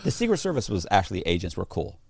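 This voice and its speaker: A man's voice: deep voice, fast talker, slightly rough, no echo, studio quality. A man telling a story in a casual interview, acting out the voices of the people he quotes. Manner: animated, acts out quoted voices. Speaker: interview guest.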